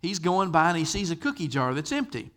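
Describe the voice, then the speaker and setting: An older male pastor preaches a sermon, telling stories conversationally and asking his listeners questions. His voice leans high, a bit bright, a little fast, with big pitch swings.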